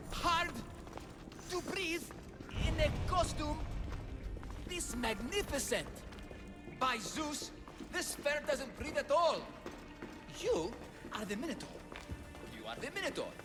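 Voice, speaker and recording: A man's voice: very high-pitched, very animated, a little slow, long pauses, full character voice. An actor playing a bumbling, boastful father in a bull costume, theatrical and comic. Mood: flustered. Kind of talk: game cutscene acting. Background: game score music.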